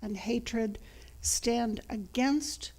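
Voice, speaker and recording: A woman priest delivers a sermon at a very slow, deliberate pace. Her voice is fairly high but mellow and warm. She lets phrase endings trail off into a near-whisper. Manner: slow, measured, dropping to a soft whisper at phrase ends.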